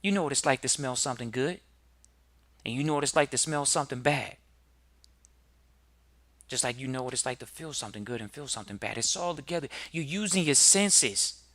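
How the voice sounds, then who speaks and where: A man hosting a podcast, giving a motivational talk full of rhetorical questions to listeners and building to loud emphatic peaks. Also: mid-range voice, fairly quick, pauses often, no echo. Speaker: podcast host.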